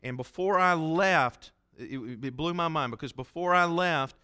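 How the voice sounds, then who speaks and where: Forceful, resonant male pastor. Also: a little high, measured pace, clean tone. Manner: conversational, folksy, acts out quoted voices. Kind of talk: sermon storytelling.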